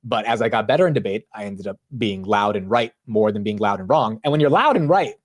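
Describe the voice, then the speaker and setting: A man hosting a live market stream, talking loudly and animatedly in casual commentary, often poking fun at himself. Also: fairly low pitch, a little fast. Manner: loud, animated, self-mocking. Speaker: livestream market show host.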